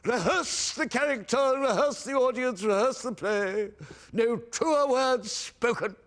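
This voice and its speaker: Casting: a vain camp stage veteran in a dame role, very high, sharp and gravelly. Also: male voice, a little slow, full character voice. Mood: hammy. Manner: theatrical, pompous, speaks stage directions aloud. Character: camp veteran male actor playing a panto dame. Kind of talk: TV comedy drama acting.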